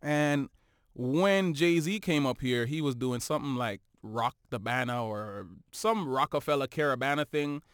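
A man talks through his stories in a relaxed, animated way, often tagging on "you know what I'm saying". His voice sits mid-range and comes through smooth and clear. The recording is dry and close. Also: medium pitch, unhurried, no echo. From Toronto, Canada. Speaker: guest musician. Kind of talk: casual interview chat.

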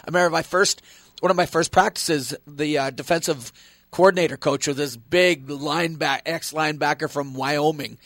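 A Canadian man, a football kicker, chats as a guest on a sports radio show. He tells his stories with plenty of energy and acts out the lines of the people he quotes. His voice sits a little high and sounds dry and close. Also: normal speed, no room sound. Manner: animated storyteller who acts out quotes. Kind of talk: casual radio interview storytelling.

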